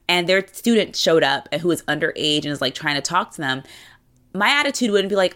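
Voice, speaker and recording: A woman co-hosting a casual chat about a TV show, acting out quotes with big jumps in her voice. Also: fairly quick. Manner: animated, acts out quotes with pitch jumps. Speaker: podcast co-host.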